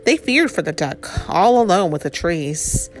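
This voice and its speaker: Animated woman reading a storybook aloud. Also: fairly low pitch, measured pace, soft background music. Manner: lively, chatty asides to the child. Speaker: parent reading to a child. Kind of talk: reading a picture book aloud.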